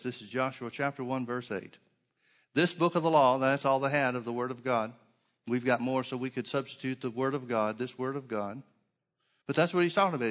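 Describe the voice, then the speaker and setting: A male preacher delivering a sermon at a mid-range pitch. He hammers his points home with repeated phrases and rhetorical questions. His voice rings with a long reverb, like a church hall. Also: fairly bright tone.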